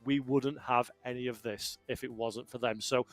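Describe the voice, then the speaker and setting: A man leading esports race commentary, upbeat and brisk as he hands off to each segment. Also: mid-range voice, fairly even intonation, no echo, soft background music. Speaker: lead commentator.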